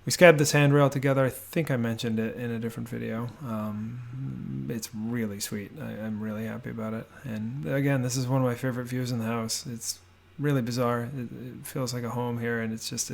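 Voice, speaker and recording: A homebuilding vlogger narrates a house-tour voiceover from his home office in an ordinary, middle-pitched voice with a gravelly fry running through it. He talks fairly quickly with hardly any pauses, relaxed and rambling, full of fillers and restarts.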